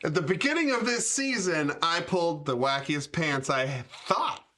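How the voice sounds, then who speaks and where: A man's voice: fairly high pitch, animated, normal speed, pushed and bright. A man player joking around in casual banter in a studio. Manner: playful joker. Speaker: tabletop game player.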